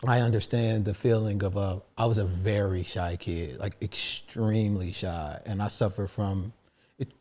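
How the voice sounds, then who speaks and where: A man hosting a podcast interview, talking in a soft-spoken, hesitant way and correcting himself as he goes. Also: on the low side, steady tone, normal speed. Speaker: podcast host. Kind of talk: casual interview chat. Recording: dull lo-fi sound.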